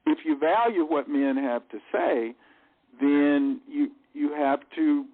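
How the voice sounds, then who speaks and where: A man calling in to a talk show, speaking in a halting, defensive way. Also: on the high side. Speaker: caller. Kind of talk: call-in debate. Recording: tinny phone line.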